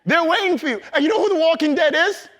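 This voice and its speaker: High-voiced hyped-up man preaching to a crowd. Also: quick pace. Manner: loud, hyped, calls on the crowd and laughs. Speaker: motivational speaker. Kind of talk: live motivational training talk to an audience.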